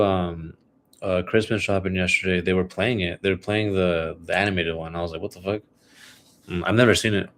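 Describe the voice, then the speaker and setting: Low flat-voiced young man rambling casually. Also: slight background noise. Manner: rambling, filler-heavy, laid-back. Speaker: podcast host. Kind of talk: casual solo podcast chat.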